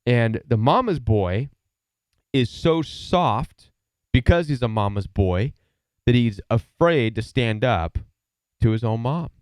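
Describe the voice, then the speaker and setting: A man's voice: medium pitch, expressive, slow pace, a little mellow, dry recording, clean studio sound. A man hosting a live stream, giving earnest, emphatic advice and telling stories in a casual way. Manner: emphatic, earnest, storytelling with repeated words. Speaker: live stream host, relationship advisor.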